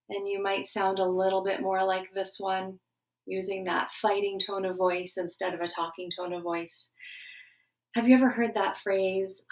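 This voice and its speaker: A middle-aged woman giving a gentle morning lesson to schoolchildren, coaxing them through a breathing exercise. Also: medium pitch. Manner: warm, coaxing teacher voice, guiding breathing. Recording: voice a bit distant from the mic.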